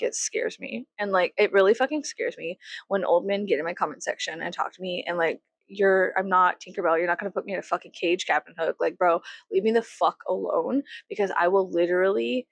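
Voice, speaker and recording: A woman in her thirties from the United States, vlogging at home while she gets ready, rambling and swearing, mocking herself and breaking into loud laughs. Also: on the low side, steady tone, fairly quick, vocal fry, dry recording. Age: 30s. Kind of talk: casual get-ready-with-me chat.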